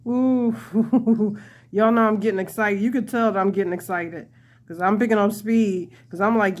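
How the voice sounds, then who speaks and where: A woman's voice: mid-range voice, moderate pace. A young woman hosting a casual crochet tutorial, chatty and laughing often as she talks to her viewers.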